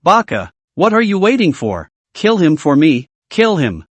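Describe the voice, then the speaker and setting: A man's voice: a little high, wildly swooping pitch, a little slow, no room sound, exaggerated voice. A man doing a panicky, sneering official. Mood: frantic. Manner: panicky, hissing orders. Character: frightened middle-aged male official, sneering.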